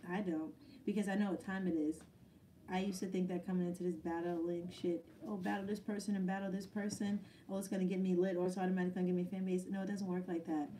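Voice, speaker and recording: A woman's voice: on the low side, level tone, fast, mellow, far from the mic, a little hiss or hum. A woman battle rapper answering viewer questions in a casual live chat, blunt and swearing freely, often laughing.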